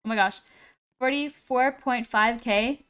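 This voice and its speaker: A woman hosting a live gaming stream, her voice smooth and a touch higher than most. She speaks slowly and unhurriedly, greeting chat viewers one by one with plenty of "um"s and pausing over names she can't quite pronounce. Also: a bit bright. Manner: slow, unhurried delivery with frequent "um"s.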